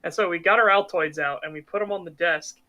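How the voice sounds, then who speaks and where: A bright, forceful voice chatting casually on a podcast, jumping into acted-out quotes as it tells a story. The tone stays middle-pitched and lively. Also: quick pace. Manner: animated storyteller acting out quotes. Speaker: podcast co-host. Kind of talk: casual chat.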